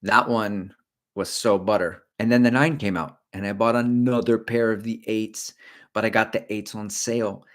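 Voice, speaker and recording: Brief: middle-aged male host, casual rambling livestream chat, slightly low pitch, jokey asides. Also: steady tone, normal speed. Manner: rambling, jokey, talks to viewers; slips briefly into silly character voices. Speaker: running channel host.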